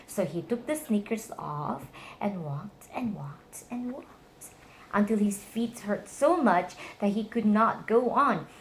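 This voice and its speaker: A woman reads simple children's stories aloud at home, her pitch swinging widely as she plays along with the tale. She jumps into high squeals for the characters' cries. There is a faint hiss of noise behind her. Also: expressive, takes it slowly. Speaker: reading stories to her nephew. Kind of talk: bedtime storybook reading aloud.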